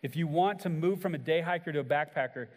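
A man's voice: quick pace, big-room sound. A man preaching a sermon as a pastor, earnest, acting out quoted lines with rises and drops in voice. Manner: earnest preaching, acts out quoted lines with shifts in pitch and volume.

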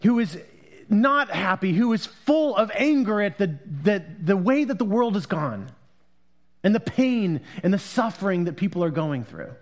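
A male pastor with a high voice preaches a sermon. He talks like a conversation, then grows loud and emphatic, then drops to a hushed hush over the scripture reading. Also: animated, moderate pace.

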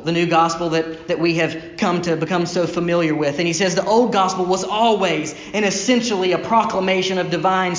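A male pastor preaching a sermon from the pulpit, pressing points with repeated phrases and dropping low and slow on key lines. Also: echoey room. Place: church sanctuary, from the pulpit.

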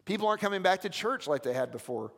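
Male pastor, high voice, conversational sermon, long hall echo. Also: very animated, fast talker, creaky, a bit bright. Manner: storytelling, conversational with audience asides. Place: church.

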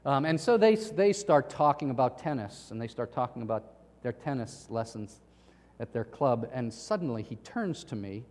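A male pastor preaching a sermon, emphatic, with dramatic pauses and acted-out quotations. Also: medium pitch, expressive, a little mellow, long reverb tail.

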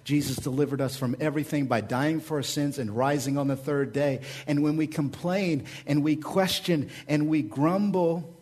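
A man, the pastor, preaching a sermon with energetic, repetitive rhetoric and casual asides. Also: on the high side, normal speed.

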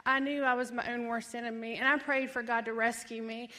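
Woman in her thirties, testimony speaker, lively storyteller who acts out quotes. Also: a little high, brisk. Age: 30s. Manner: animated storytelling, acts out quoted voices, laughs often. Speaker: ministry founder giving testimony. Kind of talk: personal testimony.

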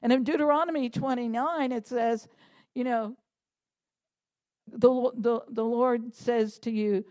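A woman preaching a sermon to a congregation, animated and laughing, building to fervent, shouted prayer. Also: high voice, unhurried.

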